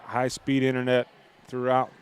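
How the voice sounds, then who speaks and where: A man doing play-by-play for a high school basketball game, reading a sponsor spot and rising loud and quick on big plays. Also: clean tone. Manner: rises loud and excited on plays. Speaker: play-by-play announcer.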